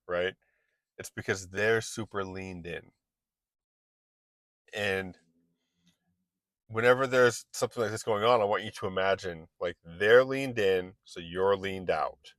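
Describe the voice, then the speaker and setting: An online business coach with a deep, fairly bright voice talks unhurriedly with long pauses, recorded dry. His motivational chat is loose and casual, often restarting sentences and acting out short exchanges.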